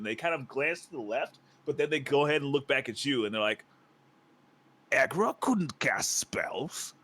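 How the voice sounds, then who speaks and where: A man's voice: mid-range voice, a bit bright. A man acting as game master, narrating a tabletop fantasy game and explaining the rules in a loose, conversational way.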